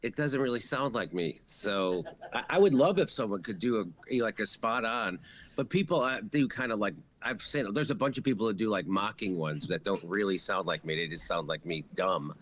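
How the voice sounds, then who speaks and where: A man's voice: on the low side, moderate pace, a bit bright, slight background noise. A man appearing as a comedian guest over a video call, rambling with many fillers. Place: room at home.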